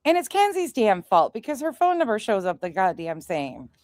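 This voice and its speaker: Brash, animated woman swearing on stream. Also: medium pitch, normal speed, no echo, clean studio sound. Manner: brash, sarcastic, swears a lot, laughs often. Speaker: streamer host. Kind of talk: casual profane livestream chat.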